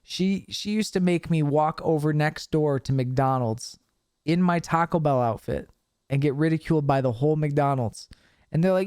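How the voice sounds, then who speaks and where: A young man hosting a podcast, telling stories in a casual, animated way with plenty of swearing. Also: on the high side, normal speed, clean tone, no room sound, clean studio sound. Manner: animated storytelling with profanity. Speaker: podcast host. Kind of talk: casual chat.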